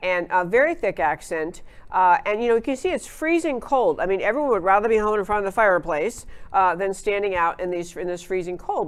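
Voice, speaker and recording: A woman's voice: mid-range voice, expressive, fairly quick, hardly any pauses. A woman hosting a political talk show, giving opinionated commentary in an emphatic way, with frequent fillers and restarts.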